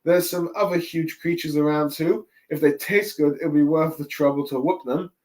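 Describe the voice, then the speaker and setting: A man's voice: a little high, fairly even intonation, normal speed, darkish tone, natural voice. A man voicing a carefree, hungry young man in a plain, easygoing way.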